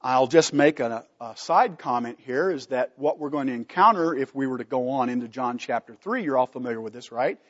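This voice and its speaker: A man's voice: mid-range voice, a little fast, hardly any pauses, a bit bright, long reverb tail, dull audio. A man teaching a Bible study from slides, emphatic, putting questions to the class and answering them himself.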